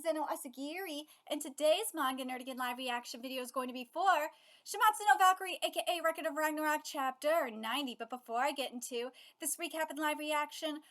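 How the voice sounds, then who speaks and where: Woman, 30s, reaction host; very high, sharp voice, gushing and excitable. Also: fast talker. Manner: excitable, swearing, shouting and gushing. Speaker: manga reaction youtuber. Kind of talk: live reaction commentary. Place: home setup with her cat.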